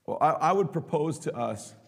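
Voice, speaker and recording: A male pastor preaches with drama, acting out scenes as he goes. His voice sits fairly high and swings widely. A long reverb from a large hall follows every line. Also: moderate pace, vocal fry, husky. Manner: animated, dramatic, acts out quotes. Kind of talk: sermon.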